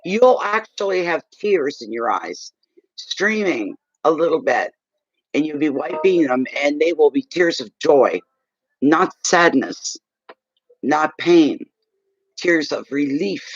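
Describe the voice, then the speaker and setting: A fairly high-voiced man reads tarot live, talking earnestly and reassuringly to his client. He gets emotional and teary as he goes. The sound is dull and lo-fi, and the room is dry and close. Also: lively intonation, slow pace, slightly rough, no room sound. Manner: emotional, tearing up. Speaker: tarot card reader. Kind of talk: live tarot reading stream.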